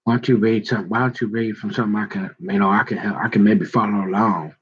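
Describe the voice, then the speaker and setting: A man's voice: lowish voice, fairly even intonation, quick pace, breathy edge, highs cut off, pitched below the performer's own voice. A man imitating his wife, quoting her complaints and sweet talk in a mocking, exaggerated way. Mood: complaining.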